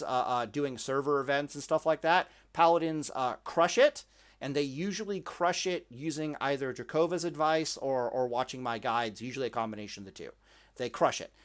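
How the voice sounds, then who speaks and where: A man's voice: medium pitch, clear, resonant tone. A man ranting about game strategy as a video commentator, swearing freely and stumbling over repeated words as he talks. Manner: ranting, profane, repeats words and restarts often. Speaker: gaming commentator. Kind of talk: opinionated gaming commentary.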